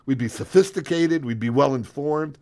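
A man co-hosting a radio show, joking around with wry, teasing, deadpan banter. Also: mid-range voice, moderate pace. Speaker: radio co-host.

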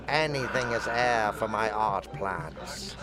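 A man's voice: lowish voice, slow. An actor playing a pretentious, rambling male artist who muses theatrically. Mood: grandiose musing. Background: music.

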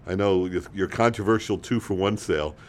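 A man hosting a comedy radio show, trading dry, deadpan jokes with his co-host at a studio microphone. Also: low-pitched, brisk, slight background noise. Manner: dry sarcastic deadpan joking.

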